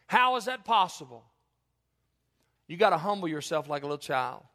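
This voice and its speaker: A middle-aged man preaches from the pulpit with a high, bright, ringing voice. He swings between loud passages and quiet, low pleas to his listeners. Long reverb fills the church hall around him. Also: sing-song, moderate pace. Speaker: pastor. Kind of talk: sermon. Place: church sanctuary.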